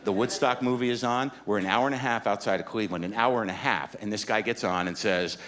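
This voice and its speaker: A man's voice: on the low side, fast talker, few pauses, a bit bright. A middle-aged man performing stand-up comedy, telling a story in a rambling, anxious and emphatic way. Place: comedy stage.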